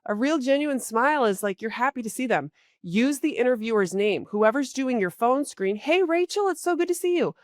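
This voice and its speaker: Animated, chatty woman career coach. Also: no echo, clean studio sound. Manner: animated, with big jumps in pitch and loudness; chatty, with frequent "like" fillers. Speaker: career coach and podcast host. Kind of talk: casual advice talk.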